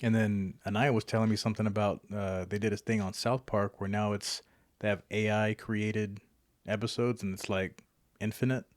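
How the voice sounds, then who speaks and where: A man with a somewhat low voice, co-hosting a podcast. He chats loosely and jokes around, rambling through his points with fillers. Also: little pitch movement, moderate pace, no room sound. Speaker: podcast co-host. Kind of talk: casual chat.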